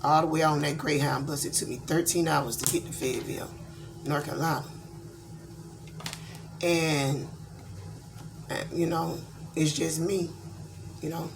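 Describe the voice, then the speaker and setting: A middle-aged woman with a voice set a little low. She talks bluntly and candidly, rambling along with plenty of fillers in a casual vlog, the way a tarot reader chats to her viewers. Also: steady tone, a little slow, creaky, pauses often, noisy background. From Georgia, USA.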